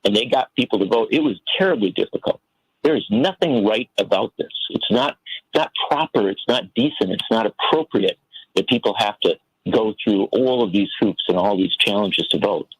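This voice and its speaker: Man, radio guest, husky gravelly voice, earnest political commentary, dry sound. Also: fairly low pitch, expressive, normal speed, dry recording, low-quality recording. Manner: earnest, impassioned, tells stories.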